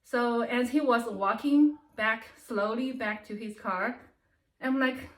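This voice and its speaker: A woman from China, telling a comic personal story in English, halting and restarting often. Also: on the high side. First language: Chinese. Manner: halting, with many restarts and laughs. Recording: roomy echo.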